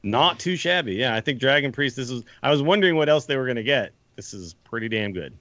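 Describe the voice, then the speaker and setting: A man's voice: mid-range voice, animated, fast talker, pushed and bright, no echo, highs cut off. A man co-hosting a podcast in a casual, enthusiastic chat, rambling a little and laughing as he talks. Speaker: podcast co-host. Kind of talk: casual gaming discussion.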